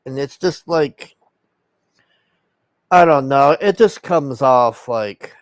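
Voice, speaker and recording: A man's voice: medium pitch, slow, dry recording. A man casually recapping a film's plot in a rambling, profane way, acting out the characters' lines. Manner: rambling and profane, with many fillers and acted-out quotes. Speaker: film reviewer.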